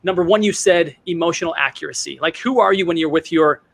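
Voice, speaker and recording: A man hosting an interview, his voice a touch high for a man. He asks questions in a loose, rambling way, restarting his sentences as he goes. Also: fast, creaky, a bit bright. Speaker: podcast host.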